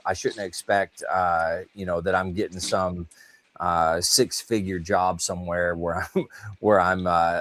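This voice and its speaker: A middle-aged man, a retired Marine co-hosting a podcast, talking casually with lots of fillers. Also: low-pitched. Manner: conversational, filler-heavy, reads audience comments aloud. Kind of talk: casual chat.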